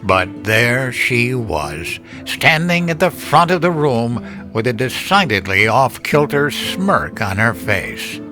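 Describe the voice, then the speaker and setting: Slow, measured male horror narrator. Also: medium pitch, big pitch swings. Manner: measured, deliberate storytelling. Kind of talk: scripted horror story narration. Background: music.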